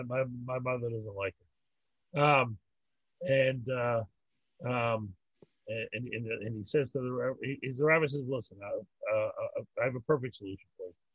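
A man's voice: mid-range voice, no echo, highs cut off. An older man, a rabbi, talking in a rambling way and telling old jokes, often repeating words and laughing. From North America. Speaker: rabbi, interview guest. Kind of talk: storytelling conversation.

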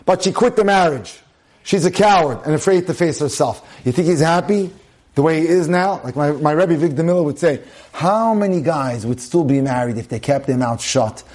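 Guy preaching on marriage, punchy, keeps asking rhetorical questions, voice on the higher side. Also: animated, moderate pace, a little mellow. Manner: emphatic, repeats phrases, asks rhetorical questions. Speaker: rabbi giving a talk on marriage. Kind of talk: sermon-style lecture.

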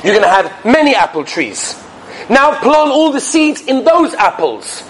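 Animated, high-pitched yeshiva teacher. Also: male voice, measured pace, husky, poor audio. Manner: animated, dramatic storyteller sprinkling Yiddish and Hebrew terms. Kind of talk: sermon with storytelling.

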